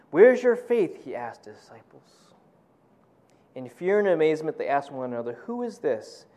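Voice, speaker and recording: A middle-aged man preaching a sermon in a conversational way, full of "you know", who acts out quotes in a loud, high voice. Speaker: pastor.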